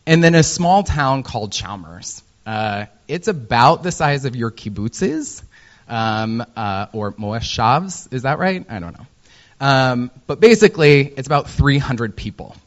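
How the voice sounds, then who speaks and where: American guy doing a conference talk, self-deprecating jokes, lots of uhs, kinda muffled audio, middle pitch. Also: lively intonation, unhurried. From Indiana, USA. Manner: self-deprecating and joking, many ums and uhs. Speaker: user researcher and conference speaker. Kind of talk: presentation talk.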